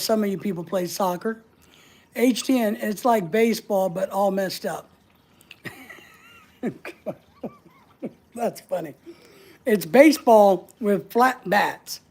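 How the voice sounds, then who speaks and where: A woman's voice: mid-range voice, darkish tone. A woman hosting a casual livestream, answering viewer comments in a playful, teasing way and laughing often. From United States. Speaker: livestream host.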